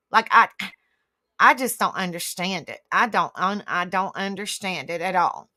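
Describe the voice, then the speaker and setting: Speaking straight to her stream audience, this woman rambles through an indignant, profanity-laced rant and snaps back at online comments. Her lowish voice is unhurried and sharp, captured in studio quality without echo.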